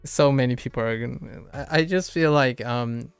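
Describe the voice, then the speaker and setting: Young man, slight Southern twang, smooth voice, loose playful chatter with easy laughs, faint music underneath. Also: medium pitch, moderate pace, few pauses, no room sound. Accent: slight Southern American. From Southern United States. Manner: playful, laughs often, rambling and musing. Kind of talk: casual chat.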